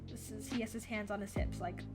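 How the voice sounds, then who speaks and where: A woman's voice: mid-range voice, steady tone, fairly quick, music in the background. A woman rambling through a storytime while drawing, often sidetracked and correcting herself. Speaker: storyteller and artist.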